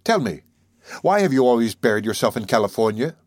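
Male reader doing a refined young woman writer, gentle and poised, dry audiobook sound. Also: mid-range voice, very animated, a little fast, dry recording, lightly acted. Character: refined young woman poet, composed and gracious.

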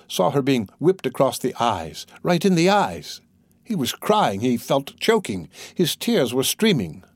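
Man reading a novel aloud, lively ups and downs, dry close sound. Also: medium pitch, no echo. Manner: expressive storytelling. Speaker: narrator. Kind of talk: audiobook narration.

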